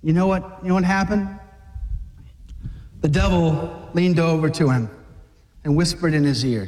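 A man preaching a fiery sermon to men, dramatic, acting out scenes and shouting at the peaks. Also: fairly high pitch, unhurried, long pauses, in a large hall.

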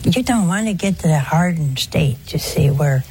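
A woman's voice: low voice, lively intonation, normal speed, a little mellow, slight background noise. An older woman giving a conversational religious talk to an audience, asking rhetorical questions in a homely preaching manner. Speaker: religious speaker.

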